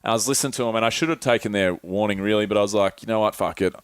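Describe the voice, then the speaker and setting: A man's voice: on the low side, racing, clear, resonant tone, no echo. A young Australian man casually telling travel stories, rambling and swearing with lots of filler words. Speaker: podcast co-host. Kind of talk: casual chat, travel storytelling.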